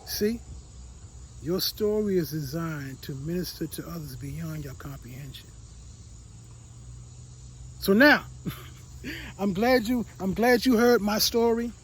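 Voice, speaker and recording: A man giving a motivational talk, telling a personal story with emotion, repeating words and dropping to a quiet voice. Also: high voice, lively intonation, slow, long pauses, husky, rough recording. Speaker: motivational speaker.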